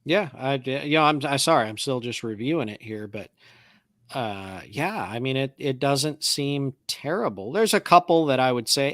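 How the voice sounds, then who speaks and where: A man's voice: medium pitch, lively intonation, moderate pace, fairly bright tone, dry recording, clean studio sound. A man co-hosting a podcast, chatting casually and thinking aloud as he reads through classic car auction results. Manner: knowledgeable about classic cars. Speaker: podcast co-host. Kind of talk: casual chat.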